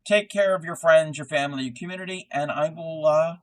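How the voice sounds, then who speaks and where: A man hosting a crafting live stream, chatting casually while he crochets. He rambles in a low-key way, with lots of fillers and restarts. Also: a little fast, low-quality recording.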